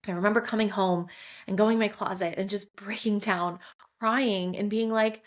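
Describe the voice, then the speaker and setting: A woman's voice: medium pitch, steady tone, moderate pace. A woman in her forties hosts a solo podcast, telling her story openly and with feeling. Her speech is loose and conversational, full of small fillers, and at moments she sounds close to tears. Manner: candid, emotional storytelling with many fillers. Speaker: podcast host.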